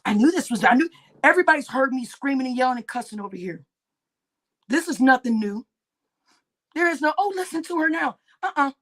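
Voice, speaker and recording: A woman hosting a livestream, ranting angrily, swearing heavily and breaking into shouts. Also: high voice, lively intonation, fairly quick, pauses often. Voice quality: heavy cursing, shouting bursts. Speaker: livestream host. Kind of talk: angry livestream rant.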